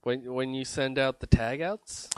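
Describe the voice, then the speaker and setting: Brief: young male podcast co-host, deadpan and profane, mid pitch, dry sound. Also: measured pace, clear, resonant tone, no room sound. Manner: laid-back, deadpan, profane. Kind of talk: casual live podcast chat.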